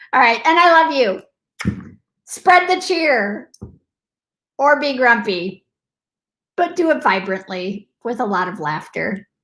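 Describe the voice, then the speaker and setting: A woman's voice: medium pitch, fairly bright tone. A woman hosting a casual motivational live stream, bubbly and affectionate, chatting to her viewers. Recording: echoey room.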